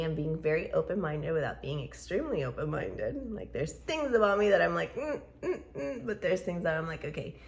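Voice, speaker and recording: A woman with a low, gravelly voice talks through a casual vlog update. Her pitch swings widely as she rambles in a chatty, playful way and laughs easily. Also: a little hiss or hum. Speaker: vlogger.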